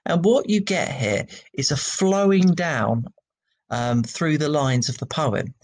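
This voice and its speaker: A man's voice: on the high side, takes it slowly. A male teacher talking through a poetry lesson in a conversational way, with many ums and restarts. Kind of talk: recorded classroom lesson.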